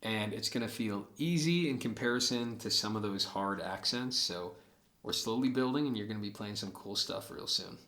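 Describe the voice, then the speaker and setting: A man's voice: lowish voice, moderate pace, pushed and bright. A man giving a casual guitar lesson, explaining patterns and counting beats aloud as he plays. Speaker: guitar teacher. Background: acoustic guitar playing.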